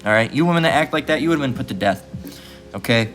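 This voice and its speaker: A man holds forth in a blunt, profane preaching rant, swearing freely and punctuating nearly every point with a questioning "all right?". His voice sits at an ordinary middle pitch. A faint strain of music runs underneath him. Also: animated, quick pace, a bit bright. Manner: blunt, crude, repeats "all right?" constantly.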